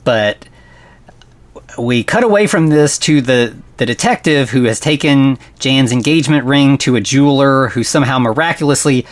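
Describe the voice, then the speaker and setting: A man hosting a podcast who recaps a film in casual, rambling chat, full of "like" and "you know" and quick laughs. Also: mid-range voice, animated. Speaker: podcast host.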